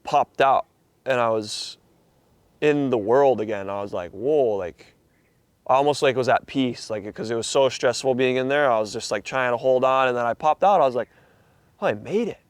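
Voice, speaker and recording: A man's voice: medium pitch, normal speed, smooth, dry recording. A young man from Hawaii, a surfer telling a story in a casual interview with laid-back slang and a lot of swearing.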